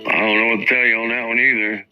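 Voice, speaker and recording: A man's voice: mid-range voice, flat delivery, very fast, lo-fi sound, faint music behind. A man hosting a livestream, ranting heatedly and profanely while he talks straight to his chat. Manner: profane, indignant, addresses chat directly. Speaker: livestream host.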